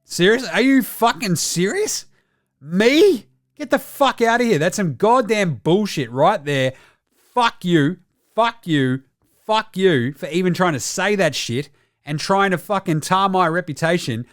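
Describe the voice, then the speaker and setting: A defiant young Australian athlete, as a male host puts him on hurls blunt, profane abuse at his accusers. The voice sits a touch high and swings widely in pitch. It sounds close and dry. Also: animated, measured pace, no echo. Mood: furious.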